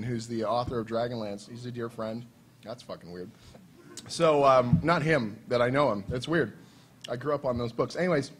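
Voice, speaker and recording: A man telling a convention anecdote on a panel in an animated, profane way, laughing as he goes. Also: medium pitch, slight background noise. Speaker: comics writer on a convention panel. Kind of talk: casual storytelling on a panel.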